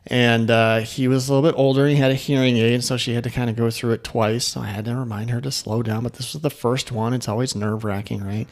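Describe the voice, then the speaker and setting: A man's voice: medium pitch, fairly even intonation, quick pace, few pauses. Middle-aged male podcast host, casual coaching tone, friendly sales-tips delivery. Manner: upbeat, coaching, full of fillers and asides.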